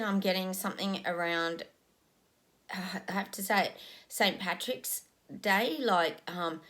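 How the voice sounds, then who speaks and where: A woman talks through a psychic reading in a loose, unscripted way. Her voice sits fairly low, and she muses aloud with many ums as she describes images she says she is receiving. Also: a bit bright. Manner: musing, frequent ums, describes visions as they come. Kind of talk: casual spoken psychic reading.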